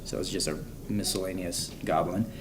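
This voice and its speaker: A man, an actor, chatting casually in an interview, relaxed and full of fillers like "you know.". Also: low voice, brisk, noisy background. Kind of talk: casual chat. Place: convention room with crowd around.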